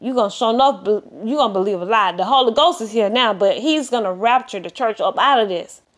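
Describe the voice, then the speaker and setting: A woman's voice: mid-range voice, brisk. A woman preaching a sermon, urging listeners earnestly, repeating herself and restarting phrases as she goes. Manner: earnest, repetitive exhortation with many restarts.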